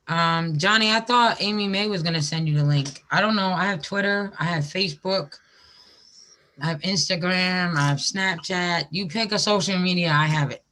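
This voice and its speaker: A man's voice: high-pitched, sharp tone. A man hosting a live stream, teasing his guests and laughing often in casual group chat. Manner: brash, teasing, quick to laugh. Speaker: stream host.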